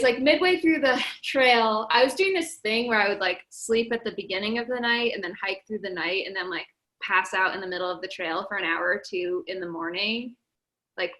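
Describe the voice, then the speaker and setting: Bright, chatty young woman. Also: a little high, low-quality recording. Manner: chatty, laughing often, lots of "like". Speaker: podcast guest, record-setting hiker. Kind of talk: casual podcast interview.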